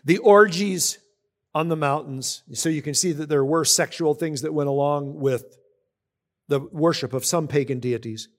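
A man's voice: on the high side, normal speed. A man preaching a sermon, reading scripture aloud and explaining it in a conversational way, often asking his listeners questions. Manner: reads scripture aloud between comments. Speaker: pastor. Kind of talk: sermon teaching.

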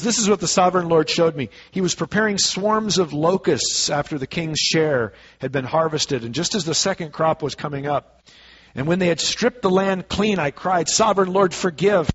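Pastor with a higher voice, lo-fi sound. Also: male voice, normal speed, breathy edge. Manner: reads scripture then explains it in plain casual words, acting out voices. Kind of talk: sermon with scripture reading.

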